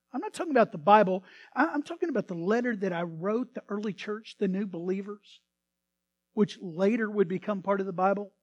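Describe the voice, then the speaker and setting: A man preaching a sermon as pastor, swinging between hushed asides and sudden loud bursts. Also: sits high, brisk, no echo.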